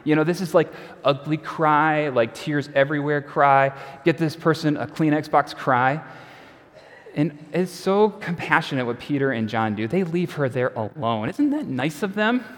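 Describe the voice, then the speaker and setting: A man preaching a sermon in a conversational, wry way, letting his phrase endings drop off quietly. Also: fairly high pitch, animated, moderate pace. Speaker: pastor. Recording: long reverb of a large hall.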